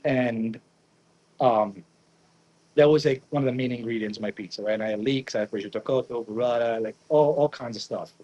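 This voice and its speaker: Young male chef, Naples-raised, animated storyteller acting out quotes in casual interview talk. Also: medium pitch, fairly quick, dull audio. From Naples area, Italy. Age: young adult. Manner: animated, acts out quotes, frequent "right?" tags. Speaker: pizza chef guest.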